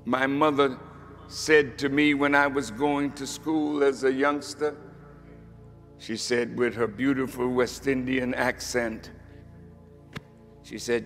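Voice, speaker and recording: A man delivering a sermon as a minister, swinging between hushed lines and shouted points. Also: medium pitch, fairly even intonation, slow pace, pauses often, in a large hall, faint music behind.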